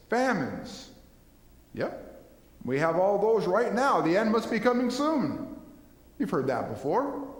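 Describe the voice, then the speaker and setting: A man preaching a sermon as pastor, earnest, building lists and asking rhetorical questions of his congregation. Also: a little high. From Minnesota. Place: church sanctuary. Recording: echoey church hall with long reverb.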